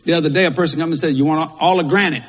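A man's voice: fairly high pitch, racing, husky. A male pastor, preaching a sermon in a folksy, repetitive way with Southern turns of phrase. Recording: long hall reverb.

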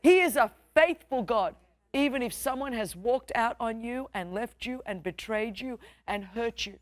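A woman's voice: a little high, animated, normal speed, dry recording, studio quality. A young adult woman with an Australian accent, preaching a sermon as pastor with a passionate, emphatic, repetitive cadence.

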